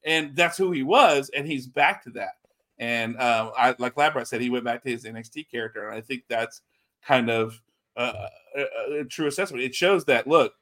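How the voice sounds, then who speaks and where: A man co-hosting a casual wrestling podcast, talking in a rambling, animated way with lots of restarts. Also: medium pitch, moderate pace. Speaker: podcast co-host.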